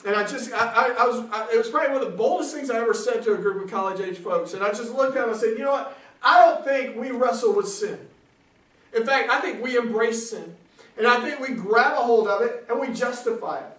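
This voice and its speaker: Southern preacher guy, high voice, laughing through his stories, sounds far off in an echoey hall. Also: fairly quick. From South Carolina, USA. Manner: animated, laughing, loud bursts. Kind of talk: comic storytelling sermon.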